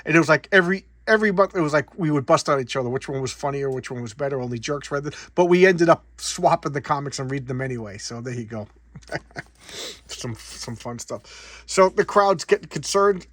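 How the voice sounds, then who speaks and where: A man's voice: medium pitch, fairly bright tone, no room sound. A middle-aged man casually reviewing old comic books, rambling with frequent stammered repeats. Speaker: comic book collector host.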